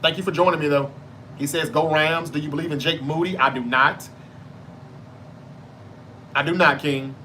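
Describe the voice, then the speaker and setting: A man with a Southern Mississippi drawl chats loosely through a live sports stream, reading viewer comments aloud and answering each one. His voice sits a bit high and comes across bright and forceful. A faint hum of room ambience runs underneath. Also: fairly even intonation, normal speed, pauses often. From North Mississippi, US. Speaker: podcast host reading live chat. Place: home in Memphis, Tennessee.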